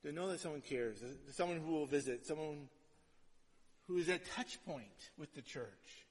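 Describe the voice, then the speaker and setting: A male pastor gives a casual, conversational sermon and keeps asking his congregation "right?" His voice sits high for a man. It rings with the long reverb of a large hall. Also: lively intonation, normal speed, slightly rough.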